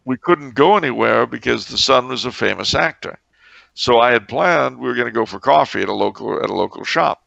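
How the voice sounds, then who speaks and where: A man with a very gravelly, bright voice co-hosts a podcast in casual chat. He tells stories wryly and sarcastically, with sudden exclamations. The recording is dry and muffled. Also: mid-range voice, animated, fairly quick, dry recording. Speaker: podcast co-host.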